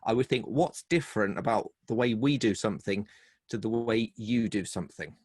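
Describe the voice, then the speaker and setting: A middle-aged British man, a humor and speaking coach, telling lively stories with quick asides in a casual video-call interview. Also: on the low side, no room sound, clean studio sound. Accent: British English. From Britain.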